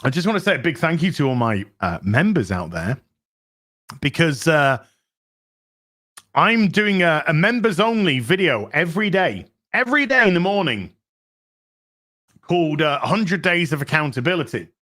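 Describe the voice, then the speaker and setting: A man hosting a live stream, talking excitably to his chat, swearing freely as he reacts to the news. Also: on the high side, normal speed, long pauses. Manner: excitable, swears, chats to viewers. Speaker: streamer host.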